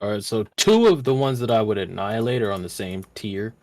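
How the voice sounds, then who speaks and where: A man's voice: lowish voice, fairly quick, a little mellow, no echo. A young man co-hosting a casual podcast, telling stories in heavy slang and laughing often. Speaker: podcast co-host. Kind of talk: casual chat.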